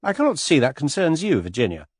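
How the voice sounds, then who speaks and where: A stuffy English gentleman of middle years, pompous and easily outraged, his voice pushed louder and higher than the narration, as a male audiobook narrator puts him on. Husky, dry close-mic sound. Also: wildly swooping pitch, fast, no echo, exaggerated voice. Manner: formal, indignant, booming.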